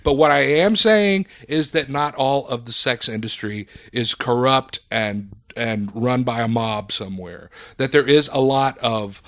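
A man co-hosting a film podcast who rants in an animated way, swears often and acts out other people's lines. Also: medium pitch, unhurried, hardly any pauses. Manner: animated ranting, swears a lot, acts out quotes. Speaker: podcast co-host. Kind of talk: casual film review chat.

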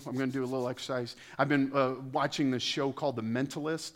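A man preaching a sermon to a congregation in a lively, conversational way, getting louder and higher when he quotes scripture and dropping into casual asides. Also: quick pace. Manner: animated, rises in pitch and volume when quoting scripture. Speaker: pastor.

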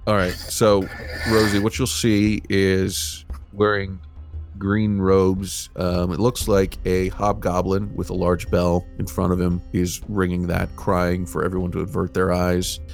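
A man narrating as game master of a tabletop role-playing game, describing scenes in a relaxed, halting way. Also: sits low, vocal fry, faint music behind.

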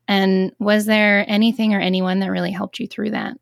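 A woman's voice: medium pitch, level tone, normal speed, vocal fry, dry recording, clean studio sound. A woman hosting a podcast, reflecting on her own experience before asking her guest a question. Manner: reflective, thinks aloud with restarts before asking. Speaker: podcast host. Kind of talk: interview conversation.

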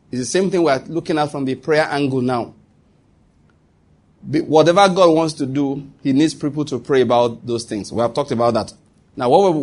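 Male preacher, earnest sermon delivery, slightly raised pitch. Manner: earnest, slows to stress scripture, some restarts.

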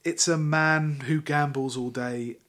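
A man's voice: on the high side, fairly even intonation, measured pace, a bit bright. A man hosting a podcast, talking in a wry, ranting way with lots of fillers. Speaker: podcast host. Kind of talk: casual chat.

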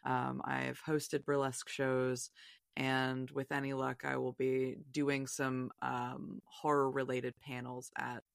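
A woman's voice: a bass voice, monotone, takes it slowly, vocal fry, no echo, clean studio sound. A woman guest on a podcast, chatting casually in a rambling, self-deprecating way and laughing often. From Virginia, US.

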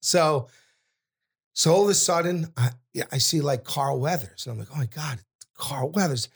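A middle-aged man tells a story as a podcast guest, his voice pitched a little high. He gets loud and brash and swears freely. He acts out each character's lines in voices of their own. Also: moderate pace, vocal fry, husky. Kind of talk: animated storytelling.

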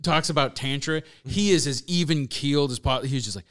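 A man who works as a radio DJ, guesting on a show and telling a story in a lively way, laughing often and rattling off quick asides. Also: on the high side, smooth. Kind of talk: casual storytelling.

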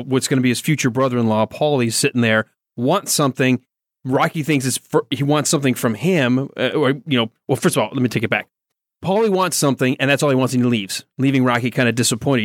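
A man chatting as a podcast guest, animated and acting out quotes. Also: mid-range voice, no room sound, clean studio sound. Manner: animated, acts out quotes in voices. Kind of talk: casual podcast chat.

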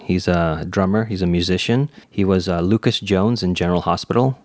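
Man, low voice, dry sound, casual chat, lists actor credits. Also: a little fast, no echo. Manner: reads off cast trivia in a steady flow. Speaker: podcast co-host.

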